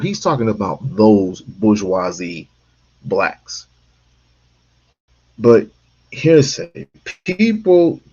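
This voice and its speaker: A man hosts a casual commentary stream in a slow, deliberate delivery with a gravelly fry. He presses his points hard and repeats them for stress. His voice is husky, and the recording sounds dull and lo-fi. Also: on the low side, darkish tone. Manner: emphatic, repeats himself for stress. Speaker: stream host.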